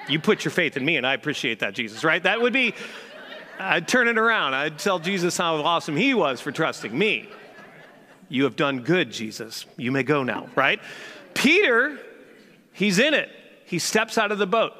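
A man preaching on a church stage with a high, bright and forceful voice. He talks in an animated, joking way and often restarts mid-sentence. His voice echoes through a large hall with long reverb. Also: normal speed. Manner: animated and humorous, with frequent restarts. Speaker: pastor. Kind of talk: sermon.

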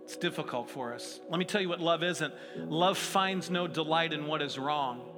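A man's voice: on the high side, normal speed. A middle-aged man preaching a sermon in a conversational, self-deprecating way with playful asides. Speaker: pastor. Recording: long hall reverb with faint music.

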